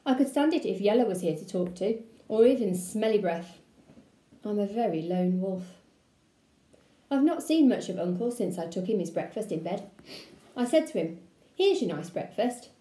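A woman primary school teacher reading a children's book aloud to her class, with an expressive, playful delivery. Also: medium pitch, normal speed, pauses often, echoey room.

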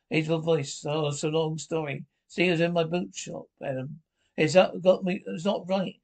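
A man with a fairly high voice reads a drama aloud. He speaks the characters' lines and the sound cues in the same reading voice. He keeps a plain reading delivery from cue to line. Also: vocal fry, poor audio. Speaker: audio description reader. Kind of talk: reading an audio-described drama with all the voices.

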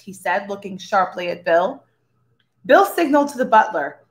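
Expressive woman reading a story aloud. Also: medium pitch, measured pace. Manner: expressive, shifts into character voices. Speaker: story reader for schoolchildren.

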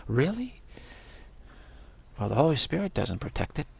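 A man's voice: fairly low pitch, normal speed, creaky, fairly bright tone, breathy edge. A man giving a casual religious monologue, rambling and often repeating words and restarting sentences. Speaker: religious commentator.

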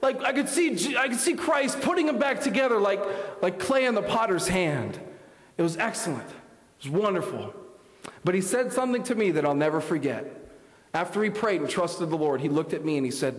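High-voiced preacher in an echoey church. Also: male voice, lively intonation, fairly quick. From Canada. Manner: storytelling, swings from loud to hushed. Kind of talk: sermon. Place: church sanctuary.

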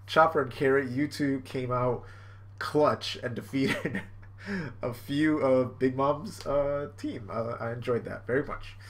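A man giving casual, excitable live reaction commentary, swearing freely. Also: medium pitch, takes it slowly. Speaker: streamer reacting to a comic.

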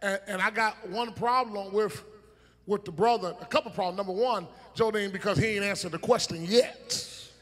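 High, bright-voiced preacher shouting in a hall. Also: male voice. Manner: call-and-response preaching, shouting and teasing the congregation; drawn-out, emphatic phrasing with sudden shouts. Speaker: pastor. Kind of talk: sermon. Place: church sanctuary. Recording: long church hall reverb.

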